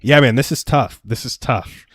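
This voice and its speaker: A man's voice: mid-range voice, normal speed, husky, no room sound. A young adult man hosting a live stream, giving earnest, self-deprecating advice through personal stories in a casual chat.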